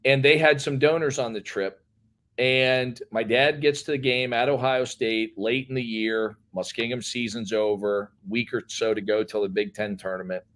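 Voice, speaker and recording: A man's voice: medium pitch, moderate pace. A man, a head basketball coach, telling stories in a casual, rambling interview. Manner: rambling, animated storyteller.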